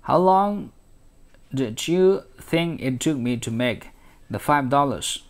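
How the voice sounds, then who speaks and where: A curt former prisoner speaks in short, blunt lines, as a male teacher reads him aloud. The words come slowly and deliberately at an ordinary pitch. He sounds clipped and insistent. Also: lively intonation, natural voice. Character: abrupt male ex-prisoner customer, middle-aged.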